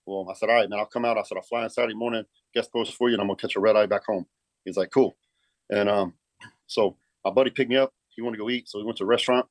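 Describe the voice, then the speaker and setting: A man's voice: fairly low pitch, steady tone, racing, no echo. A middle-aged man, telling a story in a casual, profane way and saying "man" a lot. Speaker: guest, pro bodybuilder.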